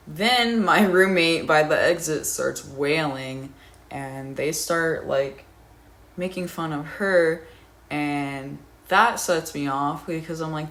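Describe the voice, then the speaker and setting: A young woman drawls through a casual storytime with a gravelly, fry-heavy voice. She rambles and swears and laughs along the way, unhurried and loose. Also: low-pitched, a bit bright. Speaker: storyteller vlogger.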